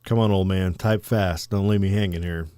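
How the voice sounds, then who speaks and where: A man co-hosting a podcast, telling stories in a loose, animated, profane way and acting out quotes. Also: low voice, moderate pace, clean tone, no room sound, studio quality. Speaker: podcast co-host. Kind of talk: casual storytelling chat.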